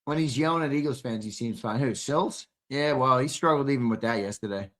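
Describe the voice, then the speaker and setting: Young male stream co-host, bright edgy voice, slightly strained, brash and teasing, swears freely. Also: medium pitch, brisk. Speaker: live show co-host reading chat. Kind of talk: casual live-stream chat.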